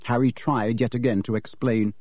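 Speaking at a mid-range pitch with no echo around him, a man narrates an audiobook from a script. His delivery is measured and expressive, like someone telling a story.

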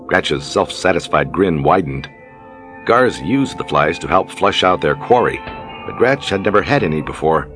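A man narrating a fantasy audiobook in a steady, scripted storytelling voice. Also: a bass voice, normal speed, soft background music.

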